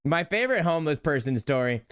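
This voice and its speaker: A young man, a podcast co-host, telling an animated, laugh-prone story in casual chat. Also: on the high side, quick pace, smooth.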